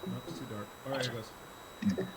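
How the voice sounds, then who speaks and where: A man's voice: mid-range voice, expressive, normal speed, over a noisy crowd. Laid-back rambling male podcast host. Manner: rambling and joking, swears freely. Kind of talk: casual chat. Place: indoors, dim room.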